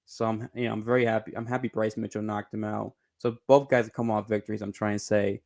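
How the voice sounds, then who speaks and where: A man's voice: flat delivery, quick pace, vocal fry, a little mellow. A man hosting his own sports channel, talking through fight news in a rambling, self-correcting way and swearing casually. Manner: rambling, self-correcting, bursts into high giggling laughter. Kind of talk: casual reaction commentary.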